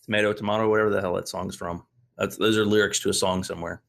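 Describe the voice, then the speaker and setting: A man's voice: deep voice, little pitch movement, quick pace, gravelly, a bit bright. An American man hosting a podcast in casual, laid-back banter, swearing freely and trailing off with ums. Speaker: podcast host.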